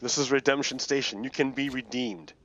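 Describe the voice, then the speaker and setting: A man, a gaming video host, telling a story in a rambling, halting way with many restarts. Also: medium pitch, a bit bright, a little hiss or hum. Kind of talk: casual storytelling while playing a game. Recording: dull lo-fi dry recording.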